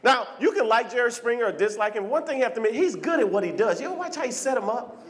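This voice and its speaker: A male stand-up comic with an unusually high voice that swings wildly up and down. He works the club crowd loud and animated, breaking into shrill voices for the people in his stories. He talks into a handheld stage mic. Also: fast. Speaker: stand-up comedian. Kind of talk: stand-up comedy set.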